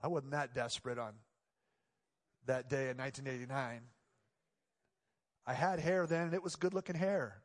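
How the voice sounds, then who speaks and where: A middle-aged man preaching a sermon, telling a personal story and building to loud, pleading passages. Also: mid-range voice, moderate pace, pauses often. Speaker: pastor. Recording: long church reverb.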